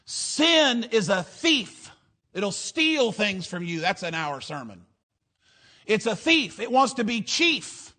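Male preacher, high voice, rhythmic rhyming delivery, shouts for emphasis. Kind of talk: fiery sermon.

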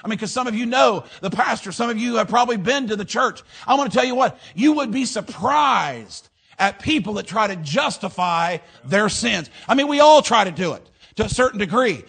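Male preacher with a high voice; emphatic sermon delivery, punctuated by amens, switching between loud and hushed. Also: vocal fry, slightly rough. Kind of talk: fiery sermon.

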